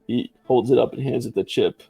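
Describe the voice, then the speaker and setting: A man with a gravelly voice narrating his character's actions in a tabletop game in a relaxed way, using fillers. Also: medium pitch, fairly quick, no room sound. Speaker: player.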